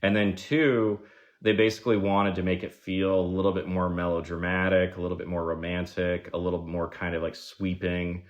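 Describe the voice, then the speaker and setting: Low-voiced man telling animated stories. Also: normal speed. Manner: animated, says "like" a lot, acts out quoted people. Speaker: guest screenwriter. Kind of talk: casual podcast storytelling.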